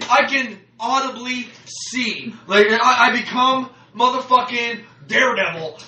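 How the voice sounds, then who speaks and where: High-voiced guy ranting and swearing, far from the mic in a roomy space with noise. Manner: loud animated ranting, profane, laughing. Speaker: podcast co-host. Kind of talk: casual chat. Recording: echoey room, distant mic, noise.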